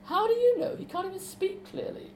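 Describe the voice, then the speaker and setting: A woman reading aloud as an alarmed teenage girl, asking high, strained questions. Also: fairly quick, a little hiss or hum. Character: teenage girl, anxious and urgent.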